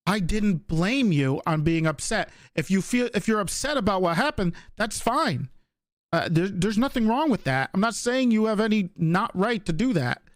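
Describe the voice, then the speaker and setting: A man's voice: sits high, lively intonation, normal speed, no echo. Stammering defensive man, dry sound. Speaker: police department leader in roleplay. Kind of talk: in-character argument.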